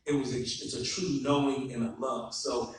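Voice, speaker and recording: Earnest man speaking in a booming hall. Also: level tone, normal speed. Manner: earnest, reverent, gives thanks to elders. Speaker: guest speaker. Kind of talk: public address. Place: courthouse event hall. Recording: echoey hall, far from the mic.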